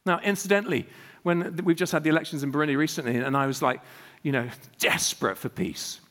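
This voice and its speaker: A man preaching with animated, emphatic storytelling, his voice sitting a little high for a man. He fires off rhetorical questions to the congregation. A long reverb trails each phrase through the large hall. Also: quick pace. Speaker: guest preacher. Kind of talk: sermon.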